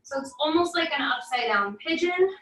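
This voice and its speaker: A woman leads a floor stretch in an encouraging, easygoing way, dropping wry asides between cues. Her voice sits high and sounds bright. The recording is echoey and heard from a distance off-mic. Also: expressive, normal speed. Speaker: fitness instructor. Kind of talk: guided barre cool-down instruction.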